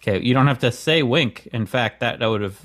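A man co-hosting a comedy podcast, playing a halting, bemused straight man. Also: mid-range voice, fairly bright tone. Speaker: podcast co-host. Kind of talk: improvised comedy podcast banter.

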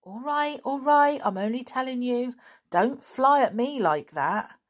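A woman's voice: sits high, expressive, a little slow, pitched above the performer's own voice. A woman doing a chatty young circus lad. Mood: excited. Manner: chatty, warm-hearted.

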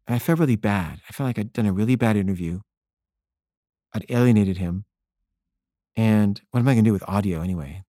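A filmmaker recounting a personal anecdote in an earnest way, often stumbling into restarts mid-sentence. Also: male voice, lowish voice, warm tone, no echo, studio quality. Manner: earnest, with frequent stammered restarts.

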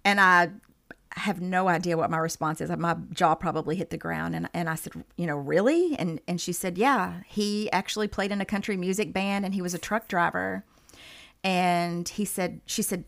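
A woman's voice: on the low side, measured pace, gravelly. A woman, a medium, telling a vivid story as a podcast guest and acting out the voices in it. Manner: animated storyteller, acts out quoted dialogue.

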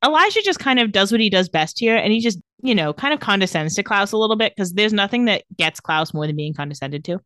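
A woman co-hosting a casual podcast, recapping a TV episode and paraphrasing its dialogue. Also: medium pitch. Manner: animated, reads out dialogue in quick paraphrase. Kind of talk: casual chat.

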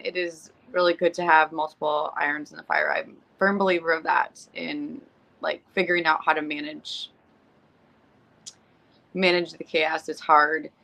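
A middle-aged woman co-hosting a podcast, telling a story in casual chat, animated, swearing freely and acting out the lines she quotes. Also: low voice. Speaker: podcast co-host.

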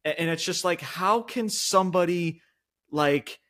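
A man's voice: high-pitched, measured pace, fairly bright tone. A man co-hosting a wrestling podcast, ranting heatedly with lots of swearing and repeated words. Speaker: podcast co-host. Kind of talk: casual wrestling podcast rant.

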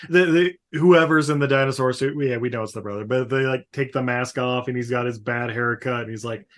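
A man co-hosting a casual podcast, recapping a movie in an animated way, swearing and slipping into silly voices. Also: medium pitch, brisk. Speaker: podcast co-host.

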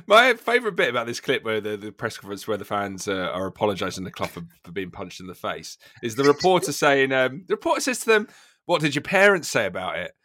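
A podcast host in casual chat, a man with a bright, forward voice that leaps all over the place. He laughs a lot and jumps into high, disbelieving exclamations. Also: huge pitch swings, fast talker, hardly any pauses.

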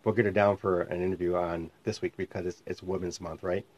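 He's a minister hosting a podcast, teaching in a rambling, conversational style and often correcting himself, from a home studio dubbed the lab. His voice sits low, darkish and brisk, with a flat delivery. Slightly muffled lo-fi sound.

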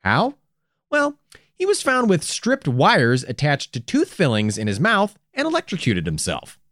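A man's voice: on the high side, huge pitch swings, unhurried, fairly bright tone, dry recording, studio quality. A man co-hosting a true-crime podcast, telling the story casually with wry asides and some swearing. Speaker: podcast co-host.

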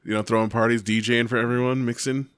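A man's voice: medium pitch, flat delivery, fast talker, fairly bright tone, clean tone, dry recording, clean studio sound. A man hosting a casual podcast, asking his guest questions in an easygoing, loose way. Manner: easygoing, asks questions in loose run-on phrasing. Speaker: podcast host.

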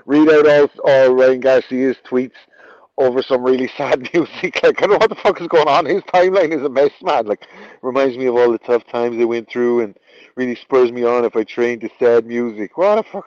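A man's voice: mid-range voice, a little mellow, no room sound, lo-fi sound. A man co-hosting a casual podcast, ranting in a sweary, mocking way and laughing as he goes. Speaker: podcast co-host.

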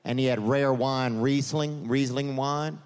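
A man doing a stand-up comedy set at a live venue. He rambles through the story, corrects himself often and drops deadpan asides. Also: mid-range voice, measured pace, clear, resonant tone.

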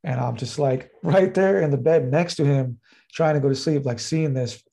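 A man tells a personal story in a loose, rambling way, leaning on fillers as he goes. His voice is gravelly and husky. The tone is dark and mellow. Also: mid-range voice, moderate pace. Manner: rambling, heavy use of fillers like "like" and "uh". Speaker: podcast guest. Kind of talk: casual storytelling.

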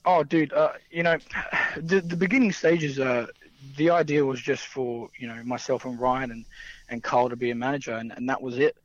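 A man's voice: mid-range voice, steady tone, moderate pace. A young man telling casual stories as a wrestler guest, rambling with fillers and frequent laughter. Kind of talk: casual anecdotal storytelling. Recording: dull lo-fi dry sound.

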